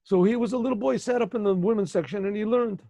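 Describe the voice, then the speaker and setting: A man's voice: sits high, quick pace, vocal fry, warm tone, dry recording. A male rabbi telling a story in a chatty, digressive way, checking in with his listeners, on a video call with dull lo-fi audio. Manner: conversational, digressive, asks listeners. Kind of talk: storytelling lesson.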